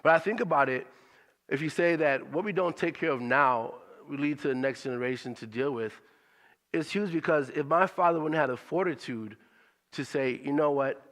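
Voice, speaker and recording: A man's voice: fairly high pitch, moderate pace, fairly bright tone, in a large hall. Man giving a conversational motivational talk. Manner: conversational, repeats questions for emphasis, laughs easily. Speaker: motivational speaker.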